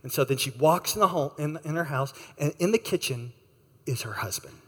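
A man preaching a sermon, telling a story with lively acted-out voices and asking the listeners questions. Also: a little high, brisk, big-room sound. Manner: animated storyteller, acts out voices. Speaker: pastor.

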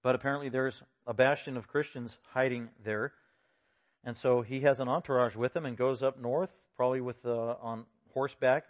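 A man preaching an expository sermon, lively and acting out the voices he quotes with sudden loud bursts. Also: medium pitch, normal speed. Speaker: pastor.

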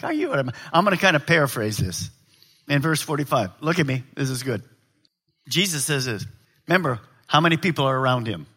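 Lively, bright-voiced male preacher. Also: a little high. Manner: lively preaching, swings from loud to hushed. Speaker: pastor. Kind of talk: sermon.

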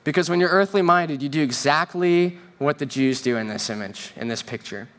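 A man's voice: fairly high pitch, moderate pace, fairly bright tone. A man preaching a sermon from a church stage, in a conversational style with joking asides and quoted voices acted out. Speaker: pastor.

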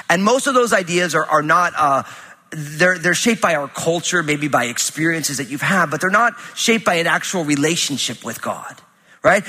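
A man's voice: sits high, bright, forceful tone, breathy edge. A man giving a sermon in a church, talking casually and telling funny family stories with lots of fillers. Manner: conversational, humorous storytelling with many fillers. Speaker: pastor. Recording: reverberant hall sound.

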